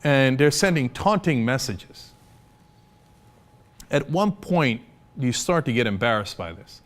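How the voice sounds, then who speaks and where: An American political commentator delivers an opinion piece in a medium-pitched voice with lively intonation, speaking a little slowly. He is indignant and sarcastic, uses plenty of filler words, and mocks opponents by putting on voices.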